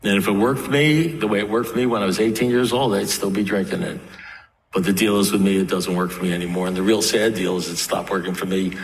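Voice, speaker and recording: A man's voice: lowish voice, steady tone, quick pace, distant mic. A middle-aged man giving an earnest recovery talk in a meeting hall, telling stories and acting out the dialogue. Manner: earnest storytelling, acts out dialogue. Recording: echoey hall, faint noise.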